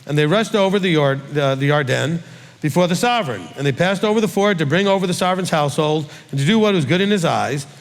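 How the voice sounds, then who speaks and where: A man's voice: a little high, lively intonation, fast, in a large hall. A male rabbi reading scripture aloud and teaching from it, in a conversational way that puts questions to his listeners.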